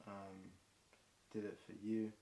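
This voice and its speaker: A man's voice: on the low side, little pitch movement, slow pace, dark tone. A British man improvising a long stream of rhymes, rambling off the cuff with frequent ums. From Britain. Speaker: freestyle rapper. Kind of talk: long improvised freestyle rhyming. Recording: echoey room with faint hiss.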